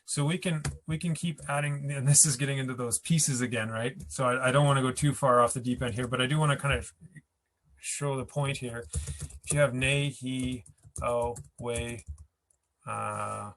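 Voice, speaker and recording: A man's voice: mid-range voice, fairly even intonation, brisk, fairly bright tone, slight background noise. A man teaching a language class, patient and chatty, thinking aloud as he explains and writes examples. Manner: patient, laughs easily, thinks aloud mid-sentence. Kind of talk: explaining grammar at a whiteboard.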